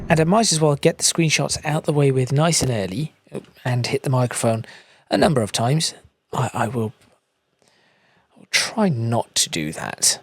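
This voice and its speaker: A man giving calm, chatty gameplay commentary with dry asides while driving a truck in a game. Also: medium pitch, normal speed, no room sound. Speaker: gaming channel host. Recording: loud truck engine and road noise.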